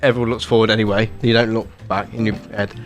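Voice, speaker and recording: A man's voice: lowish voice, level tone, fast talker, faint music behind. An English man co-hosting a podcast, asking curious follow-up questions in casual chat. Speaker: podcast co-host.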